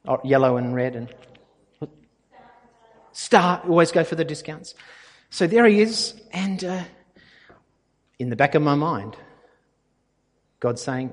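Animated pastor, husky voice. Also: male voice, fairly high pitch, long reverb tail. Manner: conversational, anecdotal, animated. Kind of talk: sermon.

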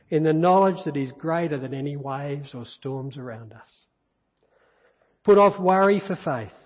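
A man's voice, slightly high and a touch husky, delivers a sermon with earnest repetition. He sounds as if he is in a church hall with a long echo. The recording is dull and muffled. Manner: earnest preaching, reads scripture aloud, repeats key phrases. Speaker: pastor.

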